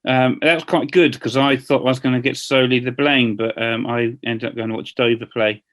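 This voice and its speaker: A man co-hosts a podcast, talking in a loose, jokey, rambling way. His voice sits in an ordinary middle pitch. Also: steady tone, brisk, fairly bright tone. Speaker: podcast co-host. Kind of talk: casual chat.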